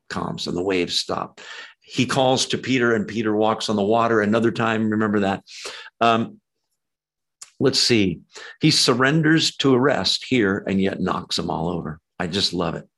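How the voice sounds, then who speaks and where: A man preaching a sermon, animated and emphatic, with conversational asides. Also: on the low side. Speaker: pastor.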